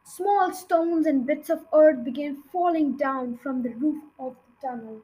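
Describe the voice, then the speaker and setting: A woman reads a children's storybook aloud with a high, bright voice. Her reading is expressive and dramatic. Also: unhurried, rough recording. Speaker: reader.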